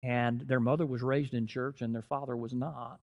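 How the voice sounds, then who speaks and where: A middle-aged man preaching a sermon in a church, rising and dropping in loudness and slowing down to stress key phrases. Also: mid-range voice, steady tone, muffled recording. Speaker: guest preacher.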